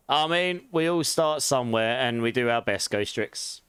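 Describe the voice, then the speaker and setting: On a live game stream, an Englishman with a mid-range voice speaks slowly and smoothly in studio-quality audio with no echo. His London and Essex accent has a posh edge, and he's relaxed and chatty, laughing often as he reads out and responds to his chat.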